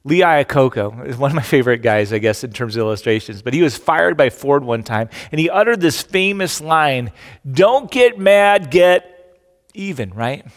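A middle-aged man preaching a sermon, animated and emphatic, acting out the quotes he tells. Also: mid-range voice, fairly quick, hardly any pauses, long reverb tail. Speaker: pastor.

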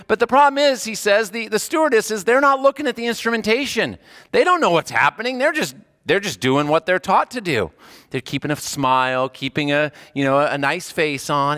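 A man gives a sermon in a relaxed, conversational way, his voice sitting a little high. He shifts from animated, rising bursts to low, hushed lines. The recording is close and dry, with no room sound. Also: moderate pace, no room sound. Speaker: pastor.

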